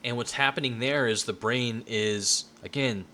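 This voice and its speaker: A man's voice: medium pitch, unhurried, sharp tone, slight background noise. A man giving an informal lecture in a loose, conversational way, often checking in with "right?" and restarting his sentences.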